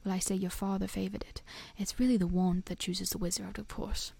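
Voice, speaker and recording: A woman doing a hushed, eerie old wandmaker. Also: mid-range voice, normal speed. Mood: hushed, wistful. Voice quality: hushed, breathy whisper. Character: soft-spoken old male wandmaker, eerie. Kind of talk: storybook reading.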